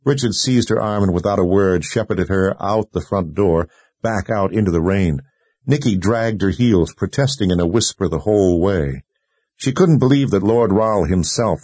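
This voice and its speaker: A man reading a fantasy novel aloud in steady scripted narration. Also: low voice, breathy edge, dry recording. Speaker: audiobook narrator.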